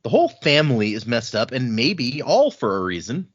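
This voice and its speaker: A man's voice: mid-range voice, big pitch swings, normal speed, slightly rough, no echo. A man hosting a casual book discussion podcast, retelling scenes and acting out the characters' lines. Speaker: podcast host. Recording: dull, muffled audio.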